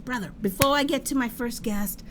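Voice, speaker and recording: A woman hosts a casual talk show, spinning stories with lively energy and frequent laughter. Her voice sits a little on the high side, with faint background noise in the room. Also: fairly quick. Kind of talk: casual chat.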